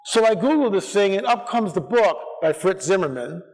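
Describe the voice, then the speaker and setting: A man's voice: sits high, moderate pace. Man telling stories in an echoing church hall. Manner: rambling, animated, acts out quoted voices. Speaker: conference speaker. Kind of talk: casual storytelling talk at a church conference. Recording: long hall reverb.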